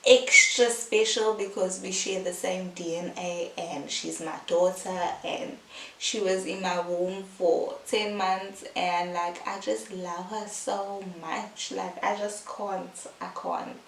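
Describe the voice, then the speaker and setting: Young woman vlogger, unhurried and chatty, recorded a bit off-mic in an echoey room with faint hiss. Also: mid-range voice, little pitch movement, fairly bright tone, distant mic. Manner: chatty, heartfelt, fillers like "like" and "um". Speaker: vlogger, new mother. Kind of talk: casual vlog chat.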